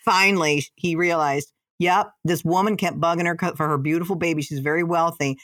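Middle-aged woman, animated chat storyteller, lowish voice, close dry mic. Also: a little fast, no room sound. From Michigan. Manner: animated storyteller, acts out quotes in raised voices. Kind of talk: casual chat.

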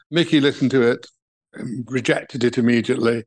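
A man's voice: mid-range voice, fairly quick, a little mellow. An older man from England, a talent manager, recalling his career in an interview with chuckling, anecdotal asides. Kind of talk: reminiscing interview answers.

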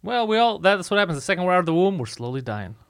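A man's voice: high voice, big pitch swings, very fast, smooth, dry recording, clean studio sound. A man co-hosting a podcast who cuts in with crude jokes. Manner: crude, joking interjections. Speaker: podcast co-host. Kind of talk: casual podcast banter.

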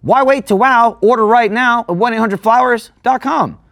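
A man's voice: extremely high pitch, normal speed, vocal fry, a bit bright, no room sound, clean studio sound. A man reading a podcast sponsor ad in a mock-grand, joking way. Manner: mock-grand, jokey ad delivery. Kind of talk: sponsor read.

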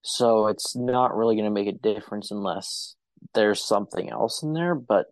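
A man's voice: fairly low pitch, moderate pace, no room sound. A man hosting a podcast in a casual chat, with a wry, offhand sense of humor. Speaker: podcast host.

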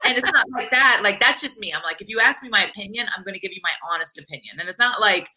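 A woman's voice: medium pitch, expressive, quick pace, a crowd in the background. A middle-aged woman guest speaking frankly in a rambling, casual way with many fillers. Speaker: guest, wrestler. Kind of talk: casual interview chat.

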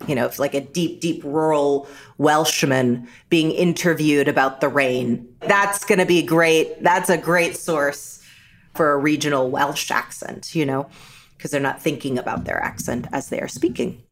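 A woman being interviewed on a podcast, talking in a lively, animated way. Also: deep voice, unhurried. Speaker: interview guest. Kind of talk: conversational interview.

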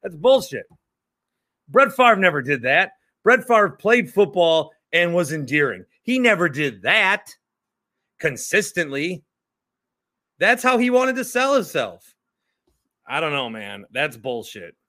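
A man's voice: a little high, sing-song, slow pace, pauses often, pushed and bright. A man hosting a sports talk show, ranting in a casual, indignant and profane way, often repeating himself and turning sarcastic.

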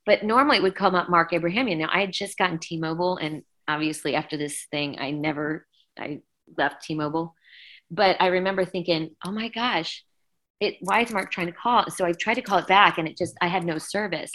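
A middle-aged woman, a singer being interviewed, recounting events in a lively, emotional way and acting out quoted dialogue. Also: on the low side, a little fast. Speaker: guest singer. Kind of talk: conversational interview storytelling.

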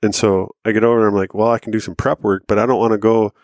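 A man with a lowish voice tells a long, rambling story on a podcast in a loose, casual way. He acts out what everyone said and swears easily. The sound is dry and close, with no room echo. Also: flat delivery, fast, darkish tone. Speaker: podcast co-host.

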